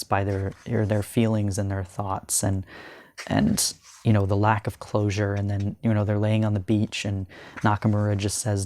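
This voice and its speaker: This young manga vlogger's voice sits on the low side as he earnestly stumbles through a casual review, with many ums and restarts. At the emotional parts he slows down and softens.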